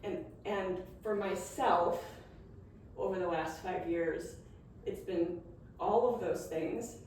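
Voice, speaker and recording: A woman's voice: on the low side, takes it slowly, a little mellow. A middle-aged woman talking earnestly and openly to an audience about her own stress. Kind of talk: casual talk to a live audience. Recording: echoey room, distant mic, faint background noise.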